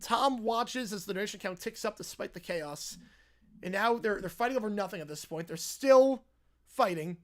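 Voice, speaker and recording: A man hosting a live stream, chatting casually and reading out a story. He reacts to it with quick laughs and offhand asides as he goes. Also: very high voice, animated. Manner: chatty, laughs at what he reads.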